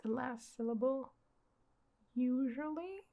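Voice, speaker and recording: A woman's voice: sits high, slow, dark tone. A young woman hosting a manga read-along, chatting and reacting in a gushing, easily amused way. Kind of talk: casual reading and reaction.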